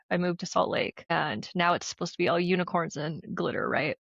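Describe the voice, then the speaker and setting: A woman's voice: on the low side, vocal fry, dry recording, muffled recording. Candid, swearing woman podcast co-host. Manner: candid and expressive, swears casually, acts out dialogue. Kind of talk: casual podcast chat. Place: living in Salt Lake City.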